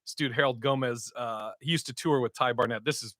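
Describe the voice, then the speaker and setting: A man's voice: mid-range voice, fairly quick, no echo. A man, a comedian, telling a story casually and acting out the quotes with laughs. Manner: animated, acts out quotes with laughs. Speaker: comedian and podcast host.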